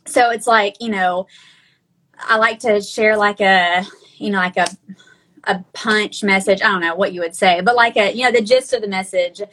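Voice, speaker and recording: A woman's voice: medium pitch, fairly even intonation, normal speed, fairly bright tone, rough recording. A woman in her thirties from Arkansas with a Southern twang, chatting casually as a podcast guest over a video call, with many fillers and restarts. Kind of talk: casual chat.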